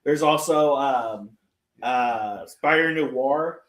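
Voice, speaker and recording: A man's voice: medium pitch, very slow, fairly bright tone. Profane, rambling man in an echoey room. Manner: profane, rambling storyteller, acts out quotes. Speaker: podcast co-host. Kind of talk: casual chat. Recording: roomy echo.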